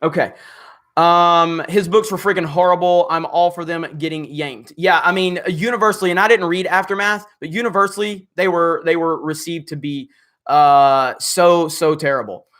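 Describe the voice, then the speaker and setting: A hoarse man who is losing his voice, hosting a livestream and reading viewer comments in a rambling, halting way. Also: fairly high pitch, fairly even intonation, fairly bright tone. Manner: rambling, halting, full of fillers. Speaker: livestream host.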